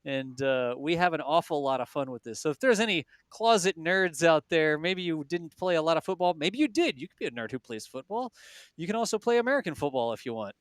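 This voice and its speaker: A man's voice: fairly high pitch, lively intonation, a little fast, dry recording. A man with a South Texas accent co-hosting a live launch stream, chatty and folksy, laughing easily. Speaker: livestream co-host. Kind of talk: casual live commentary.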